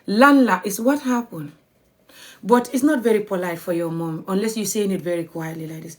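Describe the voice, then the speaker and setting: A woman's voice: medium pitch, normal speed. Chatty woman teaching on a livestream. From Gambia. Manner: chatty, spells words out letter by letter, laughs often. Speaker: language teacher. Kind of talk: live-streamed language lesson.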